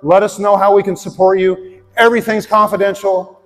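A man preaching from the pulpit with a high, ringing voice. He tells his story in an earnest, heartfelt way. The church hall adds a long reverb, with soft music underneath. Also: level tone, brisk. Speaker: pastor. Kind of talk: sermon with personal story and prayer. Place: church sanctuary.

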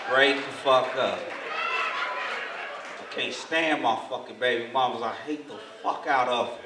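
A man doing stand-up comedy in a large hall, telling his story loudly and with lots of swearing. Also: medium pitch, a little slow. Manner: loud, profane, animated storytelling. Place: large hall in front of a live audience. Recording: echoey hall, voice from far, noisy.

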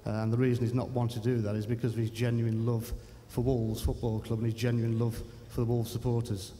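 Earnest man, flat mellow voice, in a hall. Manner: earnest, repetitive, slightly halting. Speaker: interviewed guest. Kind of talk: on-stage interview answers. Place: large civic hall, live event. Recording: long hall reverb, faint rumble.

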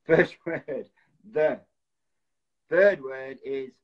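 A man hosts a casual live stream from his phone, acting out film titles and reading out viewers' guesses. His voice is a little husky and sits in a middling pitch. The audio is dull and lo-fi, like a phone stream. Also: very slow. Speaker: host of an Instagram live stream.

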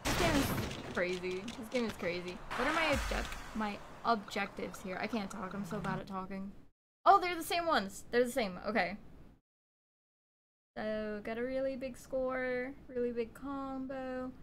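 Young female streamer, bright-pitched and chatty, noisy home stream audio. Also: moderate pace. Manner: bubbly, chatty, talks to viewers while playing, frequent gasps and laughs. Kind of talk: casual live game stream chat.

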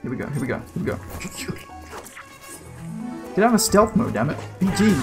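A man giving casual gameplay commentary, excitable and slangy, swearing and yelping as he plays. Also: high-pitched, fairly quick, gravelly, long pauses, over music. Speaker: let's play gamer.

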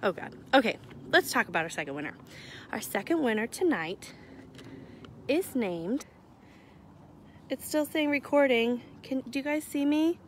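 Strolling near her house after dark, a young livestream host reads out charity winners into a phone she holds at arm's length. She sounds high and very animated, talking at normal speed with long pauses, chatty and giggly as she pokes fun at herself. There's a faint hiss or hum.

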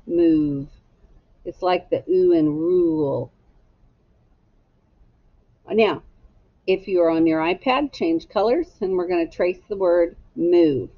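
A woman's voice: on the low side, slow pace, pauses often, lo-fi sound. A woman teacher leading a phonics lesson for young children, sounding out letters one by one and giving patient step-by-step directions. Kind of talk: slow, drawn-out phonics lesson.

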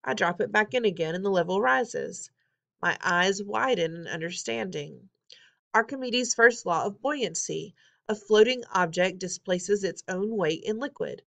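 A woman reading a novel aloud in an expressive, wry first-person storytelling manner. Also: on the low side, moderate pace, creaky. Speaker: audiobook reader.

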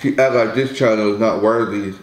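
A man's voice: fairly low pitch, fairly even intonation, brisk, reverberant, low-quality recording. A man co-hosting a casual eating vlog, talking in a laid-back, rambling way and teasing his partner. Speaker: vlogger co-host. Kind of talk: casual mukbang vlog chat.

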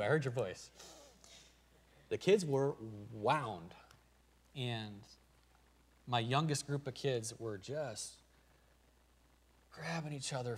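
A middle-aged man with a Midwestern American accent preaching a sermon as pastor, moving from hushed storytelling to loud, stammering pleading. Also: mid-range voice. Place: church sanctuary.

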